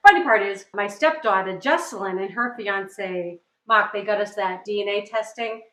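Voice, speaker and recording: A woman's voice: medium pitch, fairly quick, few pauses, sharp tone, reverberant, rough recording. A middle-aged woman from New England hosting a casual cooking demonstration, chatty and upbeat, often checking in with "right?". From New England, USA. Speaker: cooking show host. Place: home kitchen.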